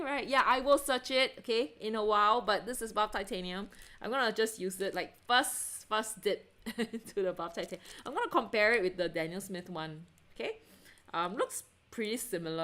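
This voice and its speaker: A woman's voice: mid-range voice, a bit bright. A woman hosting an art livestream, chatting casually to viewers with frequent giggles and self-interruptions as she shows her paints. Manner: asks viewers to check things, answers chat. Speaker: artist livestream host.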